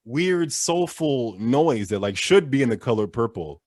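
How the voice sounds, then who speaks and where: A man performing a stand-up comedy set, telling family stories with lively, swinging delivery. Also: a little slow. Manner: animated storytelling with wide pitch swings.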